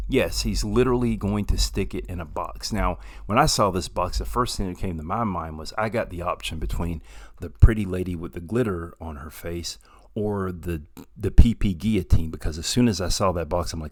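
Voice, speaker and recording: Deep-voiced man animatedly reviewing a movie. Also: normal speed. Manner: animated, excitable, jumps between loud and quiet asides. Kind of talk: casual movie review vlog.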